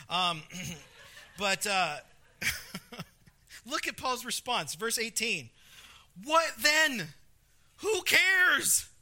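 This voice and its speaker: Guy preaching, kinda high and really bright voice, chatty, leans hard into the verses. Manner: conversational preaching, reads scripture with emphasis, frequent restarts. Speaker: pastor. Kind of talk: sermon.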